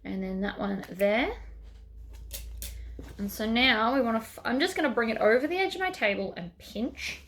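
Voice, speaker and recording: A woman's voice: on the high side, expressive, normal speed, fairly bright tone, a little hiss or hum. A woman hosting a sewing tutorial, chatting casually as she works through each step.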